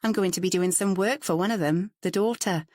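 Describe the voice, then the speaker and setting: A woman's voice: medium pitch, brisk, a little mellow, no room sound, studio quality, lightly acted. A woman voicing a curious, outspoken woman painter who talks in a chatty, forthright way, in a storybook reading.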